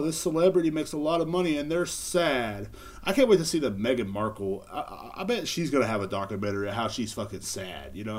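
Man, solo podcast host, casual rambling, joking, profane, mid-pitched voice. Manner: rambling, joking, profane, laughs at own bits.

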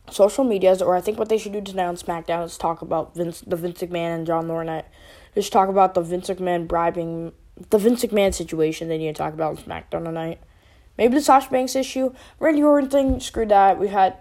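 A woman's voice: lowish voice, darkish tone. A woman giving a rambling, casual opinion rant as a wrestling vlogger, full of fillers and restarts.

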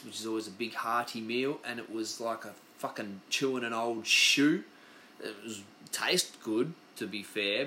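A man's voice: mid-range voice, pushed and bright, a little hiss or hum. An Australian man hosting his podcast, telling stories in a loose, rambling, profane chat. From Western Australia. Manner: loose, profane, chatty storytelling. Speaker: podcast host. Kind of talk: casual rambling monologue.

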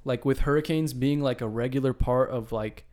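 A young man co-hosting a podcast in casual chat, loose and animated, throwing "dude" into most sentences. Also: medium pitch, normal speed. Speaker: podcast co-host.

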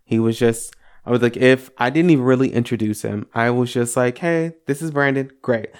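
A young man co-hosting a podcast, telling personal stories in an animated, casual way with some swearing. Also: medium pitch, a little fast, clean tone. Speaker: podcast co-host. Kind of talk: casual chat.

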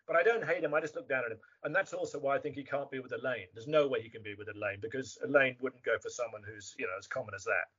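Brief: English man, husky higher voice, chatty guest, dull lo-fi audio. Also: fast talker, hardly any pauses. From England. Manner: chatty, animated, mimics voices. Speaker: guest actor. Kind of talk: casual interview chat. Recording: muffled lo-fi remote audio.

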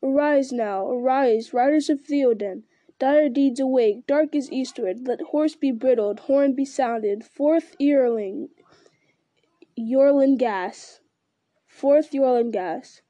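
A woman's voice: high-pitched, steady tone, moderate pace, dark tone, no echo, highs cut off, natural voice. A woman voicing an old king in a storybook reading, stern and lamenting in turn. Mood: rallying. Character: aged male king, weary then roused.

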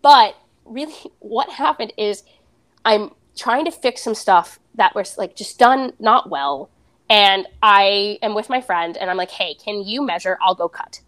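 A woman's voice: mid-range voice, unhurried, a bit bright. A young adult woman, a podcast guest, candidly retelling a personal story and acting out the dialogue.

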